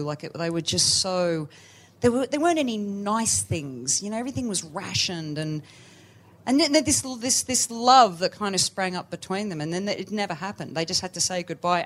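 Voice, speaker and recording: A woman guest on a live podcast, telling a film story with lively energy and acting out clipped, old-fashioned dialogue. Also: lowish voice. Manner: animated storytelling, acts out film lines in clipped old British voices. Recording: live stage mic.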